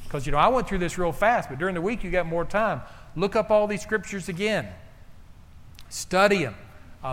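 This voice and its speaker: A man's voice: on the high side, a bit bright, slight background noise. A man preaching a folksy, joking sermon in a church, half-singing song lyrics. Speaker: pastor. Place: church sanctuary. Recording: echoey church hall with faint ambience.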